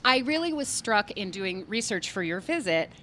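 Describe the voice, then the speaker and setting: A woman hosts an interview in a relaxed, chatty way, often joking at her own expense. Her voice is bright and forward. Faint background noise sits under the recording. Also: medium pitch. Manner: chatty, self-deprecating, quick laughs. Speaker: interview host. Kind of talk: casual interview chat.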